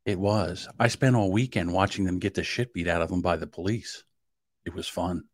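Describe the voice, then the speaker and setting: A man's voice: low-pitched, fairly even intonation, moderate pace, no room sound, studio quality. A man co-hosting a podcast, teasing his partner with sarcastic jokes in casual chat. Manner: teasing, sarcastic, laughs often. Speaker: podcast co-host.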